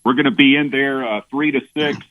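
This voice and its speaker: A man's voice: medium pitch, steady tone, brisk, no room sound, narrow, tinny audio. A man, a regular on a talk radio show, chatting in an easygoing, plainspoken way. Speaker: radio co-host, regular contributor. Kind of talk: casual talk radio banter.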